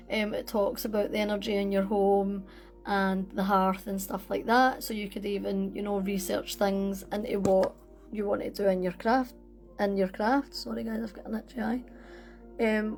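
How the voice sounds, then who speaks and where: A woman's voice: medium pitch, darkish tone. A woman hosting a casual livestream chat from her phone, chatty and apologetic, laughing often. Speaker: livestream host. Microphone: phone on a holder.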